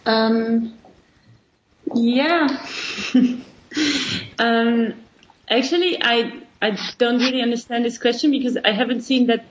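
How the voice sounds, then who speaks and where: A woman's voice: on the high side, fairly even intonation, takes it slowly, pauses often. Hesitant woman on a muffled call. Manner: hesitant, many ums. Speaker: panelist. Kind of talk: panel discussion.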